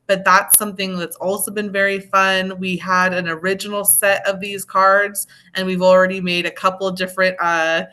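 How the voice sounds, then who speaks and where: A woman's voice: medium pitch, little pitch movement, normal speed, few pauses, sharp tone. A woman tutor describing a classroom activity casually on a video call, with many fillers. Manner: chatty, filler-heavy. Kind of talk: casual group discussion.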